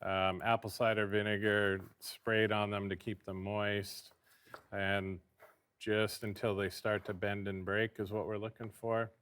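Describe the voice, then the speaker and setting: A man guest chef explaining his cooking in a relaxed, hesitant way with frequent ums. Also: lowish voice, a little slow, clear, resonant tone. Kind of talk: casual explanatory chat.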